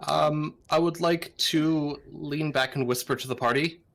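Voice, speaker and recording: A man playing a tabletop game, casually describing his character's actions and asking questions with hesitant pauses. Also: a little high, fairly even intonation, gravelly, a bit bright. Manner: drawn-out, hesitant, asks questions. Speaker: player. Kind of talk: casual tabletop role-play.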